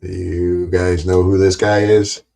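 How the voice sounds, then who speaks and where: A middle-aged man with a low voice chats loosely to his livestream viewers. He rambles from one thought to the next, cracks crude jokes and breaks into laughter often. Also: level tone, a little slow, gravelly, dark tone. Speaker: livestream host. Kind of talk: casual livestream chat.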